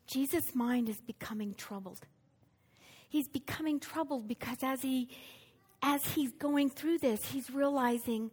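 A woman preaching in an animated storytelling way, often turning to ask her listeners questions. Her voice sits high and has a husky, breathy edge. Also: moderate pace. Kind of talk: sermon.

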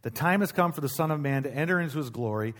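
A middle-aged male pastor preaching in a church, reading scripture aloud and explaining it in a relaxed, conversational way, with asides to the congregation. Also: a little high, fast talker. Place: church sanctuary.

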